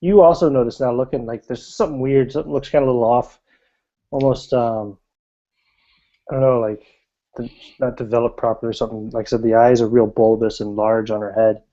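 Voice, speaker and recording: A man narrating a tabletop game as game master, in a laid-back, halting way with frequent chuckles. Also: mid-range voice, steady tone, dark tone. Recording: slightly muffled.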